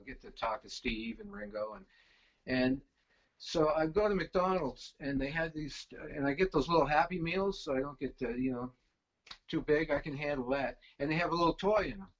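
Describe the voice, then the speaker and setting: A man's voice: medium pitch, brisk, muffled recording. A middle-aged man telling stories in casual chat, rambling with many fillers and restarts. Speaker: guest, venue stage crew. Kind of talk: casual storytelling.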